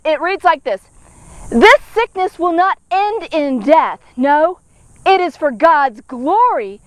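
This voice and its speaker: Very high-voiced woman teaching a devotional. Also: no room sound. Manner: conversational, checks in often with "okay?" and "all right?"; dramatic, acts out the people in the story. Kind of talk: casual devotional Bible teaching.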